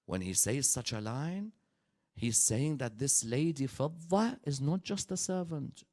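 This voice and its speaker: A man preaching a sermon, telling the story dramatically and swinging from hushed passages to loud, rising peaks. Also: mid-range voice, animated, a little slow. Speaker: preacher at a religious gathering.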